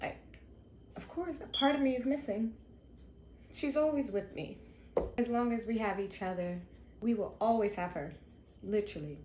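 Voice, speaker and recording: A woman's voice: fairly high pitch, normal speed, pauses often, a little mellow, roomy sound, slight background noise. A young woman vlogging about raising her late sister's children, emotional and confiding, talking straight to her viewers. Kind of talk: candid personal vlog.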